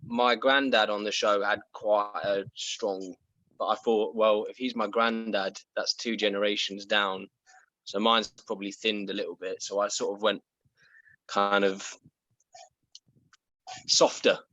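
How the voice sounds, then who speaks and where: A young man talks over a video call in a relaxed, self-deprecating way, often stopping and restarting his sentences. The sound is dull and lo-fi, with a dry, close feel. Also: fairly low pitch, measured pace, no echo. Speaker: guest. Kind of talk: casual chat on a video call.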